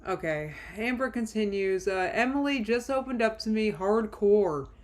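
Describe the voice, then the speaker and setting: A woman's voice: medium pitch, animated, normal speed. A woman streamer talks through drama on a live reaction stream, her voice in an ordinary middle register. She reads messages aloud, laughs often and throws in mocking asides.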